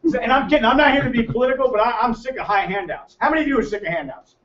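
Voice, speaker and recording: A brash, high-voiced man gives a lively financial seminar talk to an audience in a meeting room, racing along while joking and teasing his listeners. The recording is roomy, distant and muffled, with crowd noise.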